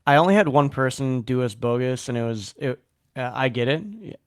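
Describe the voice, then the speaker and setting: A man's voice: mid-range voice, animated, moderate pace, smooth, dry recording, studio quality. A man hosting a casual podcast chat, talking loosely and laughing easily. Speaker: podcast host.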